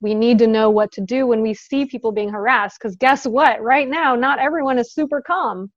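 A chatty woman with a slightly high voice chats as an interview guest, laughing often and filling pauses. Her voice is dry and close, but the sound is dull and lo-fi, as over a video call. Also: no echo. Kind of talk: casual interview chat.

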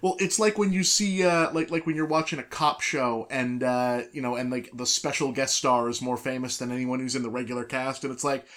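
A man with an ordinary mid-range voice weighs his points slowly in a casual film chat, padding his sentences with "like" and small restarts. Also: mid-range voice, flat delivery, fairly bright tone. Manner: measured, hedging with "like".

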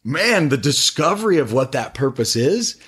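Husky, animated middle-aged man. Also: medium pitch, moderate pace. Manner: animated, enthusiastic, preachy storytelling. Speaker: podcast guest, faith-based business owner. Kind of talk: casual podcast conversation.

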